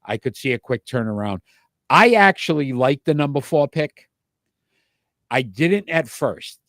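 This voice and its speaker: A man's voice: mid-range voice, animated, unhurried, fairly bright tone, dry recording, studio quality. A man with a Rhode Island accent co-hosting a sports talk show, giving opinionated rankings and often restarting with repeated words.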